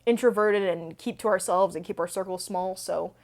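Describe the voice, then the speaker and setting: A woman's voice: medium pitch, moderate pace, a little mellow. A young adult woman hosting a book channel, telling stories in a chatty, rambling way full of fillers. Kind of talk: casual Q&A storytelling.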